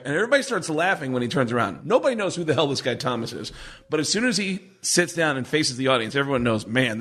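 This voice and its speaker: A man tells stories with lively energy and acts out the voices of other people. His pitch sits in an ordinary middle range. He talks loosely and casually, as a podcast guest. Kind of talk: storytelling in casual conversation.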